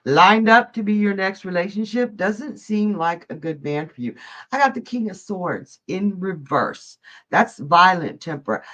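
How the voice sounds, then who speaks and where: A woman hosts a live tarot stream, talking slowly and chattily as she answers viewers' questions. The audio is dull and lo-fi, like a home stream mic. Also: medium pitch, fairly bright tone. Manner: chatty, laughs often, reads viewers' questions aloud. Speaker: psychic livestream host.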